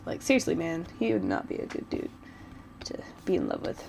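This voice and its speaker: A woman's voice: low voice, big pitch swings, fairly quick, gravelly, whispered, rough recording. A woman vlogger chatting casually while she doodles, rambling and giggling like a gushing fan.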